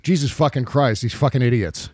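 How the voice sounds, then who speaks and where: A man's voice: medium pitch, brisk, a little mellow, no echo, clean studio sound. A man hosting a political chat podcast from home, wry and profane, laughing often. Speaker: podcast host.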